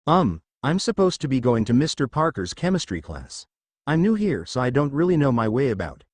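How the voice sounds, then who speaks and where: Brief: bookish British goth schoolgirl, sardonic, read by a man, crisp dry sound. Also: medium pitch, sing-song, fairly quick, no echo. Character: young adult British goth girl, bookish and teasing.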